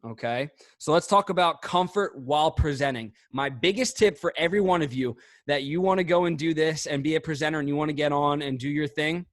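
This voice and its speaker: A man giving motivational sales coaching on a video call, emphatic and punchy, swinging between fast bursts and drawn-out words. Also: a little high, dry recording. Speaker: sales trainer.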